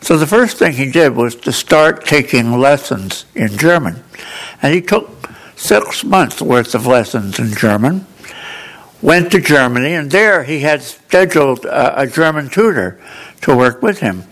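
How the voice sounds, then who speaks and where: A man with an audible speech defect reading aloud in church, telling a story in an earnest, gently humorous way. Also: mid-range voice, animated, measured pace, rough recording. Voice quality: altered articulation from a speech defect. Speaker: lay reader in church.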